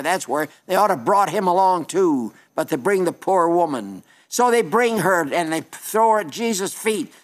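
Older guy preaching, high voice, folksy, drags words out for emphasis. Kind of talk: sermon.

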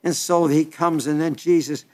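An older male preacher delivers an Easter sermon with a slightly raised pitch. He talks in a folksy, halting way and often stumbles and restarts his words. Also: fairly even intonation.

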